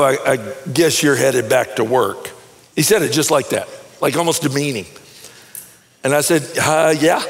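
A middle-aged man preaching a sermon in a conversational, animated way, telling stories and often repeating words as he starts a phrase. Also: fairly high pitch, gravelly, long reverb tail. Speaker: pastor. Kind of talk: sermon with storytelling.

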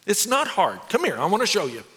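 A man voicing a stiff, formal, old-school businessman who mentors youth, speaking in a measured, proper, instructive way. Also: high-pitched, huge pitch swings, a bit bright, exaggerated voice. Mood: earnest coaching. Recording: long hall reverb.

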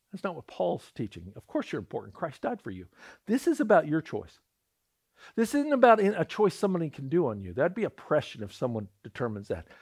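A man preaching a sermon, telling a personal story and acting out the voices in it, often repeating words as he starts a thought. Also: high voice. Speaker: pastor.

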